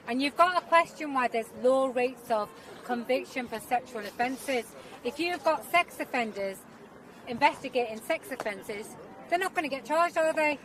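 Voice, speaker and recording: A woman campaigner speaking forcefully and rhetorically to a crowd outdoors at a protest. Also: sits high, expressive, normal speed, distant mic, rough recording. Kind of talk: public speech to a crowd. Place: outdoors on a city street at a protest. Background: crowd noise.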